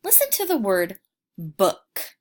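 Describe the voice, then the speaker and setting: A woman teaching a phonics lesson to young children, slowly sounding out words and asking them to repeat. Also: mid-range voice, huge pitch swings. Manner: slow, exaggerated sounding out of words.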